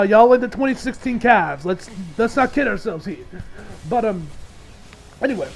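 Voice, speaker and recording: High-voiced man in a casual recap. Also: expressive, moderate pace, vocal fry, poor audio. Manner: loose, rambling, swears freely, acts out quotes. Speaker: anime reviewer.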